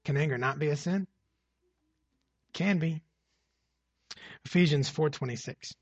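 Male pastor, husky gravelly voice, conversational sermon full of rhetorical questions, dry close sound. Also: fairly high pitch, measured pace, no room sound, lo-fi sound. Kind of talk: expository sermon.

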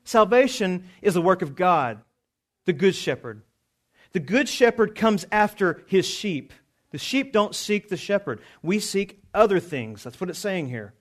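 High-voiced man preaching emphatically. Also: expressive, a little slow. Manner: emphatic preaching with swings from quiet to raised. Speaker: pastor. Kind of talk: sermon.

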